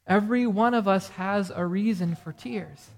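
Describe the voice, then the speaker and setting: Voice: medium pitch, moderate pace, creaky. A pastor delivering a morning sermon earnestly, asking the congregation rhetorical questions. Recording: reverberant hall sound.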